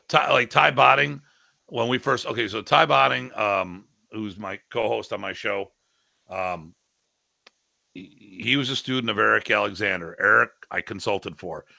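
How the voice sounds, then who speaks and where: A middle-aged man with a low, gravelly voice and a bright, forceful edge. He talks in an animated, storytelling way, slipping into impressions of other people. The sound is dry and close. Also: dry recording. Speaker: martial arts instructor and guest. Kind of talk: casual podcast discussion.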